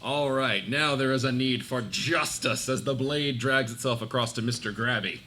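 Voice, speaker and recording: A man playing in a tabletop game, chatty and throwing in quick apologetic asides. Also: medium pitch, bright, forceful tone, slight background noise. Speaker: player. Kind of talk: casual tabletop play.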